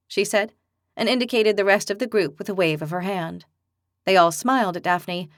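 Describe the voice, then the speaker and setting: A woman reading a fantasy novel aloud as narrator, with expressive storytelling. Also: mid-range voice, moderate pace, dry recording, clean studio sound. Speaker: audiobook narrator. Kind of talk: scripted narration.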